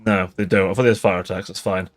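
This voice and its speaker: A man's voice: low voice, fairly even intonation, quick pace. A tipsy man giving casual livestream commentary on a strategy game, swearing often and laughing between remarks. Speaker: game streamer.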